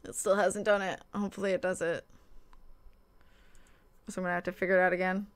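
A woman's voice: on the low side, level tone, a little fast. A woman live-streaming a game, chatting casually and thanking viewers by name, with playful mock indignation.

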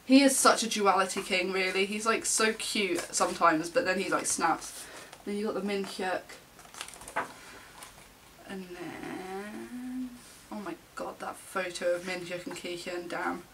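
Young woman freaking out over an unboxing, bright sharp voice, bit far from the mic, faint hiss. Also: fairly low pitch, normal speed. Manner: gushing, gasping, breathless fangirl excitement. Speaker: vlogger. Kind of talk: excited album unboxing.

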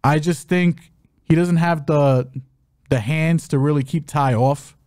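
Here a co-host of a fight betting podcast speaks a little slowly in a slightly high voice, recorded cleanly in a studio with no room sound. His matchup breakdowns are casual and lively, full of jokes and announcer-style hype.

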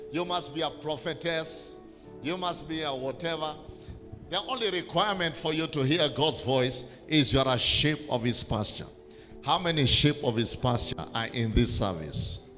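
A man's voice: a little high, sharp tone. A man, preaching a sermon as a bishop in an emphatic, repetitive call-and-response manner. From Kenya. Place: large church hall. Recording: reverberant church hall with music.

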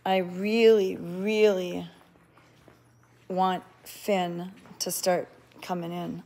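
A woman's voice: medium pitch, slow pace, long pauses, darkish tone. A woman hosting a casual livestream from an indoor cat sanctuary, chatting, greeting viewers by name and cooing at the cats, recorded on a handheld phone.

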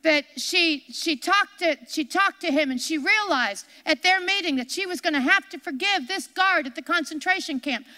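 Woman, very high bright voice, earnest sermon storyteller, hall reverb. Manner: earnest, repetitive retelling with restarts. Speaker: television ministry co-host. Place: television studio set.

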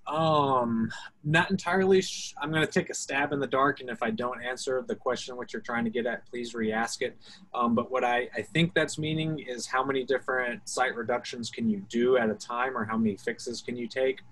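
Husky Alabama man explaining navigation. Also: mid-range voice, fairly even intonation, normal speed, fairly bright tone, low-quality recording. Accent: Alabama Southern US. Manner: explanatory, self-hedging, talks through steps. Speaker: Coast Guard guest expert. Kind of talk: informal technical Q&A talk.

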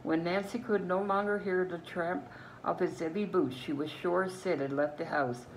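Low-voiced older Newfoundland woman reading aloud. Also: normal speed, slight background noise, low-quality recording. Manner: steady storytelling with small slips and self-corrections. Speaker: reader.

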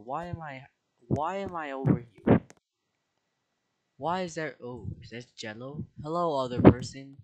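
A young man giving casual let's play commentary, excitable, with dramatic outbursts, squeals and slang. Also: medium pitch, a little slow, poor audio. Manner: slang-heavy casual talk. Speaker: gaming video creator.

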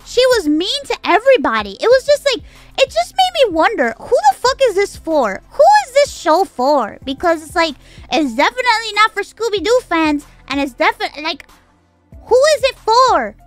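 A woman's voice: extremely high pitch, big pitch swings, moderate pace, no echo, faint music behind. A woman streamer in a casual livestream rant, exasperated and swearing, firing off incredulous rhetorical questions.

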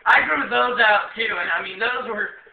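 A man's voice: high voice, moderate pace, gravelly, roomy sound, far from the mic, narrow, tinny audio. A young man telling a rambling comic story in casual slang, often laughing and acting out the other voices.

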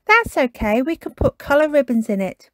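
A woman reading a storybook aloud and voicing an excited, bossy little girl piglet in a high, eager voice. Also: moderate pace, no room sound, studio quality.

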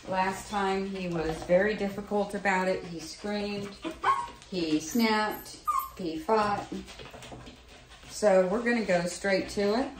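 Slow-talking woman groomer in an echoey salon. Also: mid-range voice. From United States. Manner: coaxing sing-song baby talk to a dog. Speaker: dog groomer. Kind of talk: casual instructional narration. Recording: echoey room with clipper noise.

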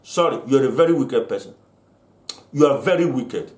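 A man's voice: mid-range voice, animated, normal speed, a little mellow. An older man from Africa delivering an angry vlog rant, accusing and full of repeated restarts. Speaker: vlogger. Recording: roomy echo.

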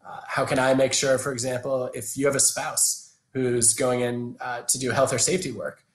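A man's voice: medium pitch, flat delivery, moderate pace, echoey room. A man in his thirties giving thoughtful, explanatory answers as an interview guest, with frequent restarts, over a video call. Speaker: guest, organizational psychologist.

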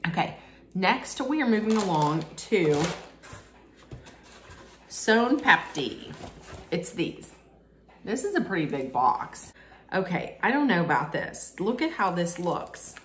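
Slow, chatty woman in a roomy space. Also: fairly low pitch, sing-song, a bit bright, slight background noise. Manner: chatty, candid, thinks aloud while tasting. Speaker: snack unboxing vlogger. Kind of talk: casual unboxing and taste-testing vlog. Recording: roomy echo.

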